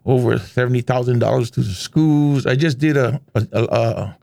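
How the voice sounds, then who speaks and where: A middle-aged man from Hawaii speaks, at an average pitch for a man. He tells stories in a loose, animated, laid-back way, as a guest in a casual interview. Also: normal speed, creaky. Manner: animated, laid-back storyteller who slips into voices.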